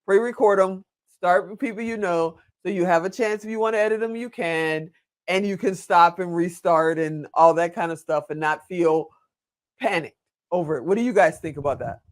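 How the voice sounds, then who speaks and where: A man's voice: on the high side, normal speed. A man hosting a casual video interview, chatty and asking long, rambling questions. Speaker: interview host.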